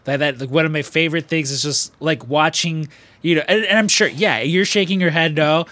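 Rambling, excitable American man. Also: a little high, a little fast, no room sound. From Chicago area, USA. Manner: rambling and enthusiastic. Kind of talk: casual chat.

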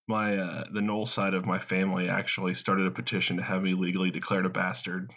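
A man co-hosting a casual comedy podcast, talking in a dry, deadpan joking way. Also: low voice, brisk, hardly any pauses. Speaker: podcast co-host. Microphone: headset mic. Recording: dull lo-fi sound.

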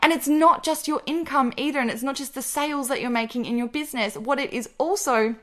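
A woman's voice: high-pitched, a little fast, fairly bright tone. A young woman, hosting a casual motivational podcast in a bubbly, upbeat way and calling her listeners babe. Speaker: podcast host.

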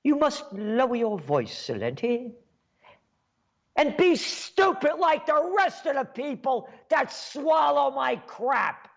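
A man doing a mocking impression of a smooth, proper president who speaks in a falsely polite, solemn way. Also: very high voice, very animated, takes it slowly, voice pushed up, heavily acted. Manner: mock-polite and solemn, turning loud and scornful. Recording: dull lo-fi sound.

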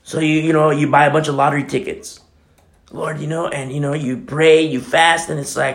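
A man's voice: a little high, flat delivery, normal speed. A man preaching a sermon as pastor, impassioned and conversational, talking straight to the congregation with many fillers.

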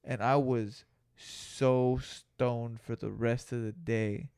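In a slow, smooth, creaky voice that is mid-range and darkish, with fairly even intonation, a young man co-hosting a podcast spins a laid-back, slangy story in casual conversation, swearing a lot.

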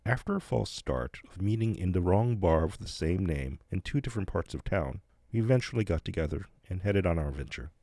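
A middle-aged man from New Jersey narrates his podcast in a measured, plain-spoken way. His voice sits low and mellow. It is recorded close and dry, with no room sound. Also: expressive, no room sound. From United States, New Jersey. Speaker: podcast host.

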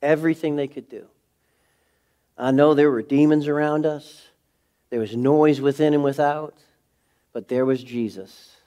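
A pastor giving a sermon, earnest and confessional, swinging from a hushed intimate tone to fervent preaching. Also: male voice, fairly high pitch, fairly even intonation, measured pace, pauses often. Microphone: speaking to a camera.

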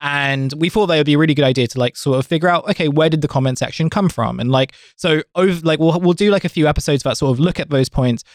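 A podcast host talks quickly in a slightly high voice, rambling through his points in casual chat. The sound is dry and close. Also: dry recording. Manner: rambling, lots of "like" fillers.

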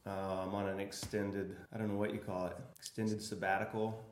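Man, low voice, tattoo artist, casual chat, halting, echoey room. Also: slight background noise. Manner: relaxed, halting with fillers.

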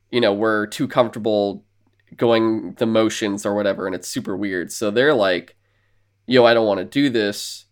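A man's voice: on the low side, a bit bright. A man co-hosting a podcast who recaps a movie in casual, rambling chat, swearing freely and acting out the characters' lines. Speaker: podcast co-host.

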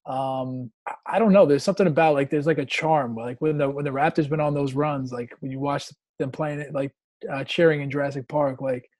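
A man hosting a podcast, chatting in a relaxed, conversational way over a video call. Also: medium pitch, brisk, dry recording. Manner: relaxed, conversational, trails off into fillers. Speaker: podcast host. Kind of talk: casual chat.

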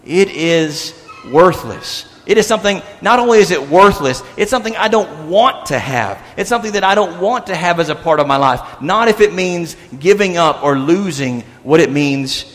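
A man's voice: on the high side, animated, moderate pace. Emphatic preacher man in a reverberant hall. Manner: emphatic, repeats key lines, swings between loud and hushed. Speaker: pastor. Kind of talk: sermon.

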